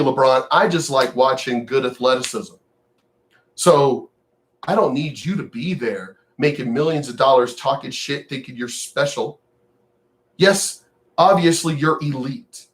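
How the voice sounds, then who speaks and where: An older, retired man who vlogs, ranting to camera in a profane, sneering, mocking way. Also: fairly high pitch. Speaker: vlogger. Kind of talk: angry direct-to-camera rant.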